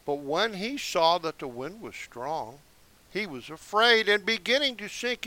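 Seated indoors, a Bible teacher reads scripture slowly and deliberately, slipping in casual explanations between verses. His slightly high voice has a bright, forceful edge, and his pitch swings widely from line to line.

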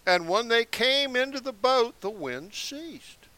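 Slow, lively-voiced man reading scripture. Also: very high-pitched. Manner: slow, deliberate reading broken by casual asides. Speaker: Bible teacher. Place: seated indoors.

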